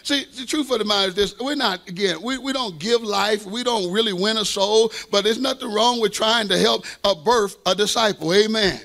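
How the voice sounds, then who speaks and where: High-voiced fervent man preaching. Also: moderate pace, creaky, hardly any pauses, a bit bright. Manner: fervent preaching with call-and-response asides; playful, self-deprecating humor. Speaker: pastor. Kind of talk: sermon.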